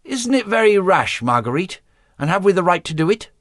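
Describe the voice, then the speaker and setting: A man voicing a giddy young princess in love, excited and quavering, for an audiobook. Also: high voice, a little fast, no echo, studio quality, voice pushed up. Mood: anxious.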